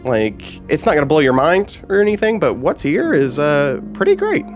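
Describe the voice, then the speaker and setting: A man's voice: fairly high pitch, wildly swooping pitch, normal speed. Stuffy-nosed man with joking, rambling chatter. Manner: joking, rambling, self-correcting. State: nasal from a sinus infection. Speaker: game reviewer host. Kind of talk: casual game review commentary. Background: game soundtrack music.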